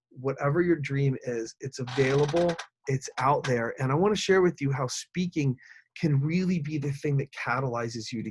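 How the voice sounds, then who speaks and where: A man hosting a live online webinar as a speaking coach. He talks in an energetic, upbeat way and speaks straight to his viewers. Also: mid-range voice, slight background noise.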